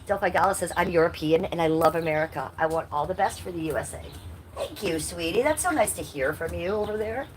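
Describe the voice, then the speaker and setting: A woman's voice: on the low side, lively intonation, fast talker, a little hiss or hum. Blunt woman in her fifties, livestream host. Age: 50s. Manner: blunt, swears at rude chatters; sing-song baby talk to her cat. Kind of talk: casual livestream chat.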